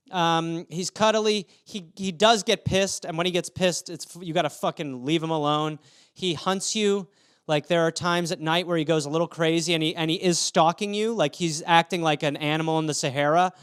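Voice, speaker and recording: A man's voice: fairly high pitch, a bit bright, smooth. A man in his thirties hosting a podcast, telling casual rambling stories with crude asides and acting out the people in them. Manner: acts out quoted people with shifting voices; swears freely, rambling asides. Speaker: podcast host. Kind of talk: casual storytelling monologue.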